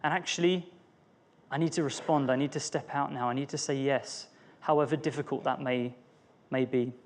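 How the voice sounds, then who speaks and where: A man's voice: mid-range voice, steady tone, moderate pace. A young man, speaking earnestly as a church speaker, telling a personal story in a reflective sermon. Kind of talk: personal testimony within a sermon.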